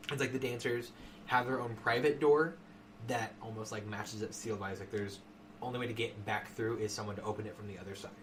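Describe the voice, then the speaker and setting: A man's voice: lowish voice, fairly even intonation, brisk, slight background noise. A man narrating a tabletop game as game master, in a loose, giggly way.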